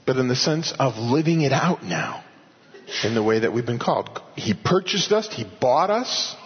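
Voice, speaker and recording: A man preaching an expository sermon in earnest, slowing down and rising in pitch to stress key points. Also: animated, husky. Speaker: pastor. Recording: dull audio with long hall reverb.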